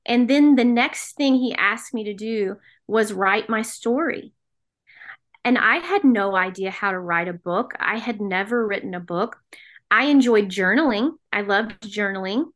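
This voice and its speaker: Her voice is mid-range, expressive, a bit bright and a little slow as this middle-aged woman from the American South relates her personal story. As a podcast guest, she gives earnest, emotional interview testimony.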